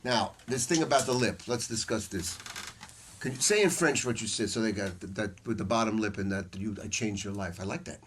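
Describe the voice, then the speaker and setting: A man's voice: on the low side, a little fast, a little hiss or hum. An older man teaching a saxophone masterclass in a casual, blunt way, with slang and the odd swear word. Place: music store room with students.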